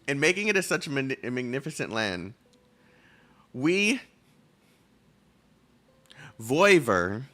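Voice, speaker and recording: A man's voice: mid-range voice, sing-song, slow, pauses often, bright, forceful tone. A man streaming a game, reading its dialogue aloud, tripping over words and laughing at himself between loose, joking banter.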